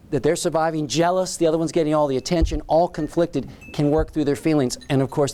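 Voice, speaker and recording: A man's voice: mid-range voice, darkish tone. A man giving a keynote speech, telling a story in short, dramatic phrases. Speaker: keynote speaker.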